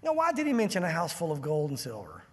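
A man preaching a verse-by-verse sermon as a pastor, emphatic and conversational, with quick asides to the listeners. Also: fairly high pitch, huge pitch swings, big-room sound. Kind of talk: expository sermon.

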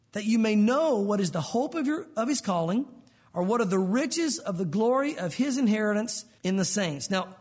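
A man preaching a sermon as a pastor, lively and animated, acting out the voices of the people in his stories. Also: sits high.

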